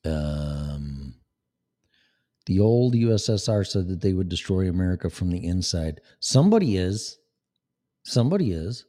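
A man's voice: low voice, unhurried, warm tone. A man delivering a profane, sarcastic political rant as a vlogger. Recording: long echoing reverb.

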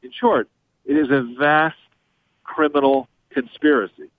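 A man's voice: fairly high pitch, unhurried, no echo. A man giving his view as a guest in a political interview, with formal, legalistic phrasing. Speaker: guest commentator. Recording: phone-like dry line.

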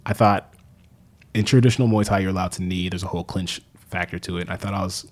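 Casual storyteller, low husky male voice, swears a lot. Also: fast talker. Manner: animated, swears freely, acts out quotes. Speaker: guest telling stories.

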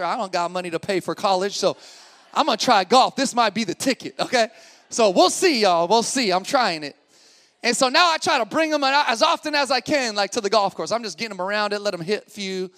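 Pastor, man, 30s, high voice; sermon delivery, casual and slangy, building to emphatic preaching. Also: fairly bright tone. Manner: conversational storytelling that rises to emphatic preaching.

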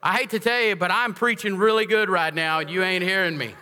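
A man's voice: sits high, steady tone, fairly quick, bright, forceful tone, smooth. A man preaching a sermon to his congregation, talking emphatically and conversationally and asking them questions. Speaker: pastor. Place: large church sanctuary. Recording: echoey church hall.

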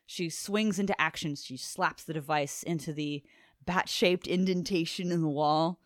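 Woman gushing over a comic on a podcast, chatty and excited, dry close mic. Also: low-pitched, normal speed, no room sound. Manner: enthusiastic, chatty, swearing casually. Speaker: podcast co-host. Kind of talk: casual chat recapping a comic.

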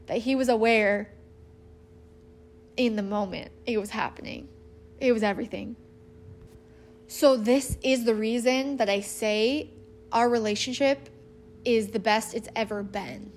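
Woman, thirties, slightly high voice, casual storytelling, earnest, animated. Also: measured pace, pauses often. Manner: earnest and animated, acts out quoted lines.

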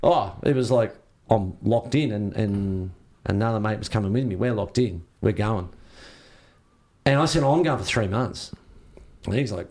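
An older Australian surfer, being interviewed, spins rambling, laid-back surf-trip stories in casual chat, swearing freely and voicing the dialogue himself. His voice is lowish and darkish in tone, at a moderate pace with long pauses.

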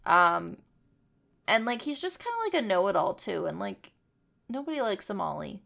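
A woman's voice: mid-range voice, normal speed, vocal fry. A woman co-hosting a casual chat, rambling and swearing as she tells stories. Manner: rambling, profane, animated storytelling.

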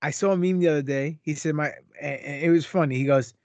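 A man's voice: fairly high pitch, fast, darkish tone, no echo, muffled recording. A man co-hosting a podcast, joking and teasing, with a boastful wrestling-promo delivery. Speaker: podcast co-host. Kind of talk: casual banter.

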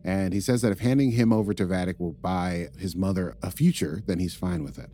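A man recapping an episode in relaxed, wry chat, chuckling at his own asides. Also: deep voice, fairly quick. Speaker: podcast co-host recapping episodes.

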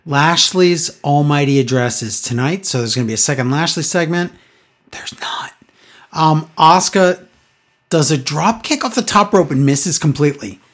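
A woman's voice: low-pitched, moderate pace. A woman co-hosting a casual podcast, recapping a wrestling broadcast in an exasperated, sarcastic way. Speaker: podcast co-host.

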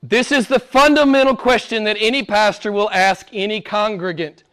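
Pastor preaching, male, high voice; emphatic, questioning, swings from loud to near-hushed. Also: steady tone, moderate pace, clean tone. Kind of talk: sermon.

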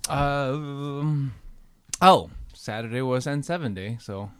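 A man co-hosting a casual podcast chat about games and collectibles, easygoing and trailing off quietly at the ends of thoughts. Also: medium pitch, slow pace, clean tone, dry recording, studio quality. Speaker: podcast co-host.

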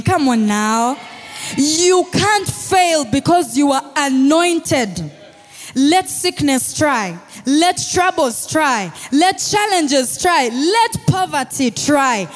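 A high-pitched woman with a Ugandan English accent preaches in a big church hall, her voice trailing off into a long reverb. She talks slowly and deliberately, rising into shouted declarations and calling for responses from the congregation. Soft music plays underneath. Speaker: pastor. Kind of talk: sermon.

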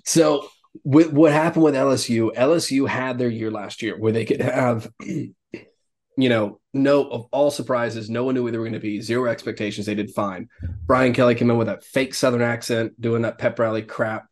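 A man co-hosts a casual sports podcast, delivering strong, rambling opinions. His voice sits in an ordinary middle pitch, and he laughs easily between points. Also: steady tone, normal speed. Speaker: podcast co-host.

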